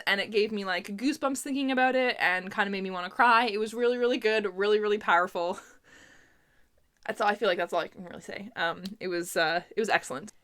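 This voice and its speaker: Bright, chatty young woman. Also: medium pitch, fast. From Canada. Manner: chatty, laughs often, lots of fillers. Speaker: booktuber. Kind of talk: casual book review chat.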